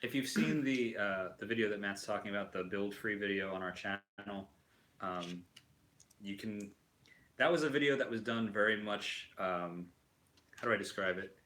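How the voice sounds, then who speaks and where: A man's voice: fairly low pitch, moderate pace, a bit bright, poor audio. A man hosting a casual chat while building a toy kit, rambling with lots of fillers and restarts. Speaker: host.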